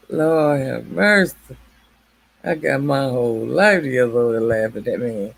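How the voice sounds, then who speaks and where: Husky, gravelly woman chatting on a livestream. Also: rumbling low. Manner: chatty, laughs often, greets viewers warmly by name. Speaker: livestream host. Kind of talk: casual livestream chat with viewers.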